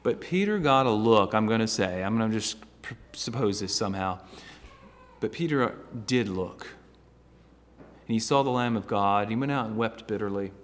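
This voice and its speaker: A man preaching a sermon, earnest, with stammering restarts and swings between loud and hushed passages. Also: on the low side, animated, moderate pace, big-room sound, slight background noise.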